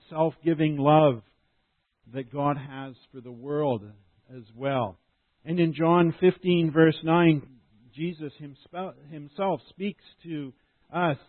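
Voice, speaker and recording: A man's voice: on the high side, dry recording. A man preaching a sermon as pastor, explaining in an earnest way and often restarting his phrases. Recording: dry, tinny phone-like sound.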